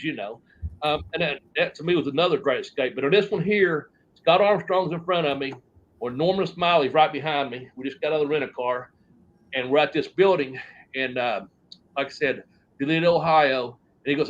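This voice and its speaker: A former wrestler tells stories in a long shoot interview, rambling and profane, trailing off into restarts as he goes. His pitch is fairly high and his pace fairly quick, with the highs cut off.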